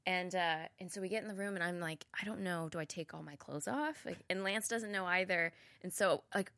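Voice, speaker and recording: A woman's voice: on the low side, brisk, a bit bright, no echo, clean studio sound. A woman guest telling a rambling story in casual chat, hesitant and often laughing. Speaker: podcast guest.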